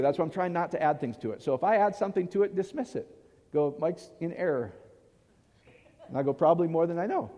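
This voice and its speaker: A man's voice: high voice, dark tone. A man preaching a conversational sermon, often checking in with the congregation by asking whether they follow. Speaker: pastor. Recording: long hall reverb.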